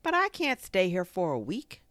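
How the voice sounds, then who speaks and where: A woman's voice: deep voice, expressive, a little slow, no room sound. Winnie the Pooh, read by a woman, mild and plaintive. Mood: anxious. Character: gentle plump male teddy bear, simple-minded. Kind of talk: storybook reading.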